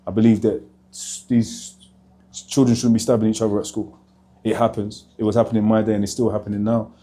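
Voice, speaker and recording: A man in his forties, a motivational speaker, talking fast and fired up to camera in a vlog. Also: fairly low pitch, level tone, dark tone. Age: 40s. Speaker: motivational speaker, channel host. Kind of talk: energetic vlog talk to camera.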